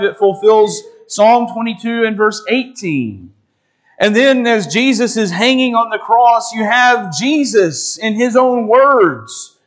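Male preacher, high voice, slow and deliberate, expository sermon, reads scripture aloud. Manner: measured, deliberate teaching delivery.

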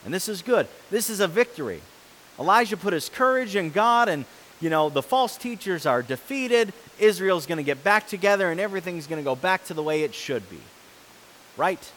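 Lively, animated man preaching. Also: on the high side, slight background noise, poor audio. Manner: lively, animated, swings from loud to soft. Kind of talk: sermon.

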